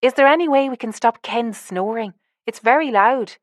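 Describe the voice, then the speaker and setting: Woman doing an eager, excitable young woman. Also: fairly high pitch, normal speed, no room sound, clean studio sound, voice pushed up, close to an everyday voice.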